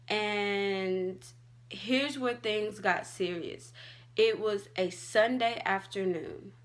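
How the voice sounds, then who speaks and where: A woman's voice: mid-range voice, fairly bright tone. A young adult woman vlogging, telling a personal story in a casual, chatty way with lots of "like". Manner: chatty, fillers like "like" and "all like".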